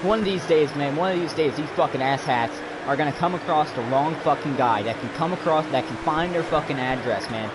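A man's voice: on the high side, brisk, hardly any pauses, noisy background. A man streaming a racing game, ranting angrily and swearing nonstop at another player. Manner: furious, profane, ranting. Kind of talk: angry rant during live racing game stream.

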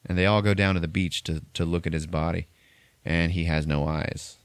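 A man's voice: low-pitched, fairly even intonation, normal speed, smooth, no echo. A man hosting a podcast, recapping a film plot loosely with lots of swearing. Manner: loose, profane storytelling. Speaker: podcast host. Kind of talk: casual movie recap.

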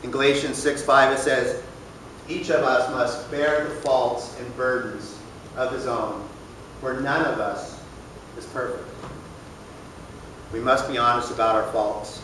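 A man's voice: medium pitch, steady tone, measured pace. A man teaches a church recovery group in a loose, plain-spoken way, checking in with the room as he goes. The sound is very reverberant and distant, with faint room noise underneath. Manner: conversational, plain-spoken, asks the room questions. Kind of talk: casual sermon teaching. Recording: echoey room, voice from far off.

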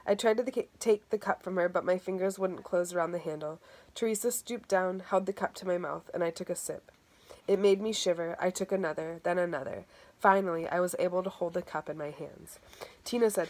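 A woman narrating a first-person story aloud in a steady reading voice, sometimes restarting a word. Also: fairly low pitch, brisk. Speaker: audiobook reader.

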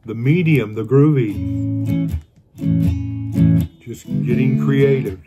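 A man's voice: medium pitch, slow pace. An older man giving a casual guitar lesson, rambling and counting beats aloud as he plays. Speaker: guitar teacher.

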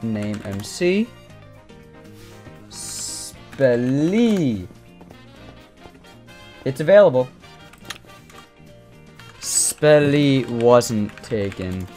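A young gamer casually chatting and teasing a teammate during an online match, breaking into excited yells. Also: mid-range voice, very slow, pauses often, faint music behind. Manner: teasing, jokey, bursts of excited yelling. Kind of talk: casual gaming chat.

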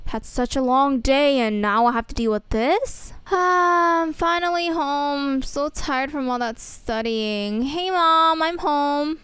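A woman's voice: high-pitched, unhurried, hardly any pauses, fairly bright tone, no echo. Woman voicing a whiny teen girl, sighs a lot, dry recording. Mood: puzzled. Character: upset teenage schoolgirl, story's main girl.

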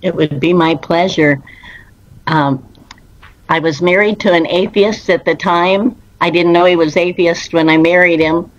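A woman speaks in a low voice, recounting her own experiences as an interview guest. She tells it earnestly and unhurried, acting out what others said. The sound is dry and dull, like a lo-fi online call. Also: fairly even intonation, dry recording. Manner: slow, earnest storytelling with quoted dialogue. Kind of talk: storytelling interview answer.

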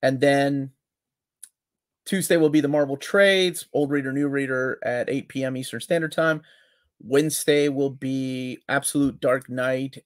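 A man co-hosting a live comics talk stream, relaxed and joking, loudly greeting people in the chat. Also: medium pitch, no room sound, studio quality. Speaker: co-host of a live comics show.

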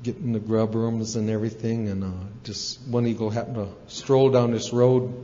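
A man's voice: medium pitch, steady tone, moderate pace, hardly any pauses, dark tone. A man speaking at a recovery meeting, telling a folksy story in a casual, rambling way with fillers and asides. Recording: echoey hall, dull lo-fi sound.

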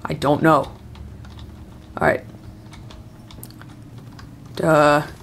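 A woman's voice: low voice, flat delivery, drawn-out words, gravelly. A young woman doing nervous, self-talking commentary while playing a horror game. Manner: nervous, talks to herself and the game. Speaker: gamer.

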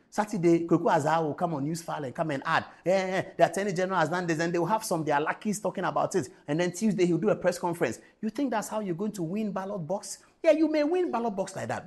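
A man's voice: high voice, a little mellow. A middle-aged man with a Ghanaian English accent, a TV talk show host delivering impassioned political commentary, emphatic and repeating phrases for effect.

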